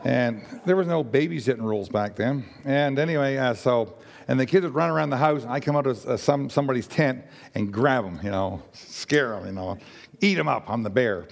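An older man from Nova Scotia with a raspy voice, giving a rambling personal testimony to a church congregation with many fillers and restarts. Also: mid-range voice, a little fast, big-room sound.

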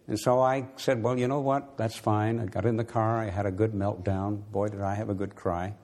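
A man's voice: fairly low pitch, level tone, moderate pace, darkish tone. A man delivers a sermon in an earnest, storytelling manner. He speaks conversationally while recounting his own experience. His voice lifts and presses forward when he turns to urge his listeners. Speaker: preacher. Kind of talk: sermon with personal testimony.

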